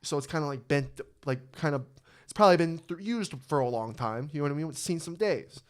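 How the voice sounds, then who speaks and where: Male podcast host, casual, profane storyteller; smooth, clear voice, a bit high. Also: expressive, brisk.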